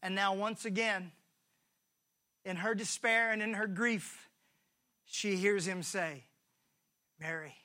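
A man pastor preaching a sermon, repeating his phrases for rhythm and swinging from shouts to hushed lines. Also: sits high, fairly even intonation, takes it slowly, long pauses. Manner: acts out the voices of the people in the story.

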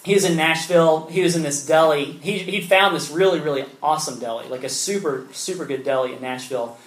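A man preaching a sermon in a relaxed, conversational way, telling a story with many casual fillers. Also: fairly high pitch, fairly quick, reverberant, rough recording. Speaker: pastor.

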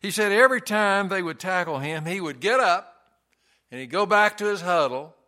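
A man's voice: high-pitched, normal speed, bright, forceful tone. A man preaching a sermon in a church, earnest and folksy, telling stories with touches of humor. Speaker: pastor.

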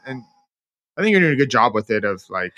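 A man's voice: mid-range voice, big pitch swings, a little fast, pushed and bright, muffled recording. A young man co-hosting a podcast, talking in an easygoing, hesitant way with many ums. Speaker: podcast co-host. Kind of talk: casual chat.

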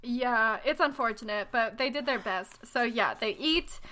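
A woman's voice: on the high side, unhurried, pushed and bright. A young woman co-hosting a casual book chat, sarcastic and exasperated in her commentary. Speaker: podcast co-host.

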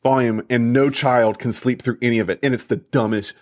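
A man's voice: mid-range voice, fairly even intonation, brisk. A man on a podcast, ranting in exasperation and swearing freely. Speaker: podcast host. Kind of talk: casual ranting chat.

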